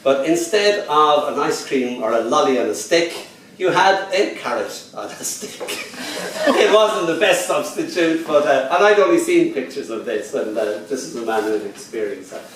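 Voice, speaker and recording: A man's voice: medium pitch, lively intonation, moderate pace, fairly bright tone, far from the mic, a little hiss or hum. Man reading poems in an echoey bar. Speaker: poet and event host. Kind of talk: live poetry reading. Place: bar venue. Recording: echoey room recorded from afar.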